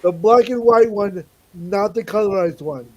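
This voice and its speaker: A man's voice: high-pitched, a little slow, lo-fi sound, crowd noise. A man on a live geek panel, telling stories and teasing the others playfully. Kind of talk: casual panel chat on a live stream.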